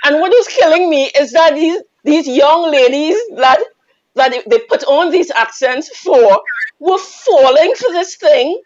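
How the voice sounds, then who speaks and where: A Trinidadian woman guest telling a teasing, animated story with frequent laughter. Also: sits high, unhurried, muffled recording. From Trinidad and Tobago. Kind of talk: casual storytelling on a radio call-in.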